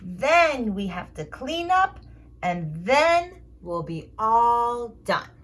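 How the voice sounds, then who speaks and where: A woman's voice: on the high side, very animated, fairly bright tone. A woman speech therapist leading a playful lesson for toddlers, making animal sounds and drawing out her words. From United States. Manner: exaggerated, playful, drawn-out words. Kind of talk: slow, sing-song kids' lesson with animal sounds.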